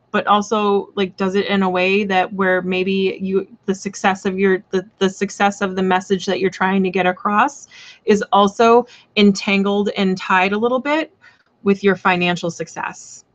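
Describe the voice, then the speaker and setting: A woman speaks in a level, mid-range voice at a moderate pace, the audio sounding dull. She hosts a live tarot stream, chatty and rambling with lots of fillers, blunt, playful, and casually swearing.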